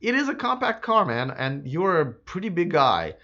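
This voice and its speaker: A man hosting a live electric car stream, answering viewer comments in a casual, chatty way, slightly hoarse. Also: fairly high pitch, very animated, moderate pace, pushed and bright, lo-fi sound. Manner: casual and chatty, many fillers and restarts. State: slightly hoarse, losing his voice.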